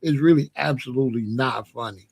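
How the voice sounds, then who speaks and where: A man in his sixties hosting a livestream, chatting casually to his live chat in a slow, repetitive, drawling way. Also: mid-range voice, vocal fry, husky. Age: 60s. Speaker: livestream host.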